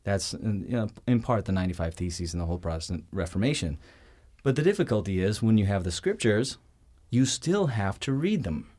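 Male host, lowish voice, lively lecturing style, pops into quoted voices, tags points with "okay?". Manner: animated, acts out quoted voices, checks in with "okay?" and "see?". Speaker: show host. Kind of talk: conversational teaching talk.

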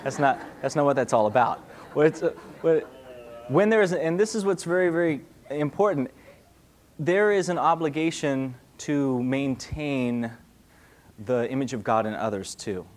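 A man's voice: mid-range voice, normal speed. A man, a pastor, answering questions in a casual, conversational sermon, acting out small voices. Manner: conversational, animated, acts out little voices.

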